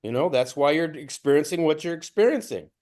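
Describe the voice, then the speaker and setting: Male spiritual teacher, fairly high voice, storytelling talk that voices his own inner dialogue. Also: expressive, brisk, a little mellow.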